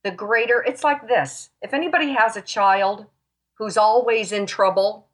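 A woman's voice: medium pitch, moderate pace. Passionate woman giving a Christian testimony. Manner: passionate, emphatic, near tears. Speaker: talk show guest.

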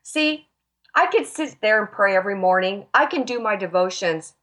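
A woman's voice: medium pitch, lively intonation, normal speed, a bit bright. Woman guest, fervent faith testimony, emphatic and emotional. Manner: passionate, emphatic, near tears. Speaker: talk show guest.

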